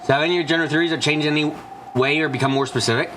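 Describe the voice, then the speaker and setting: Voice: medium pitch, fairly even intonation, rapid-fire, fairly bright tone, a little hiss or hum. A let's play streamer gives casual, rambling commentary over a visual novel, swearing often. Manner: gushing, rambling, heavy swearing. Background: game music.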